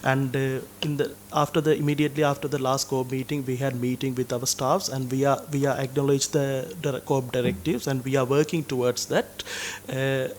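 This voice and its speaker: A man with a Sri Lankan accent, a bureau chairman giving formal testimony to a committee in a halting, defensive way. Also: medium pitch, flat delivery, a little mellow, a little hiss or hum.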